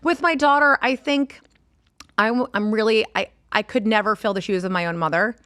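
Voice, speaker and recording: A woman's voice: mid-range voice, normal speed, a bit bright, no room sound. A woman in her forties, a podcast guest in casual chat, talking candidly, swearing freely and laughing often.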